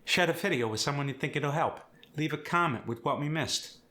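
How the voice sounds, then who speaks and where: A man teaching an accent, explaining sounds and demonstrating words and sentences slowly, one at a time. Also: on the high side, heavy background noise. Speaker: accent coach. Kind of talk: accent tutorial.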